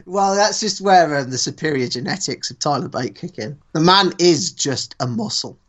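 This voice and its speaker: A man's voice: a little high, animated, normal speed, a bit bright. Laid-back man co-hosting a podcast. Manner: laid-back, laughs easily, slangy. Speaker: podcast co-host. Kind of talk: casual chat.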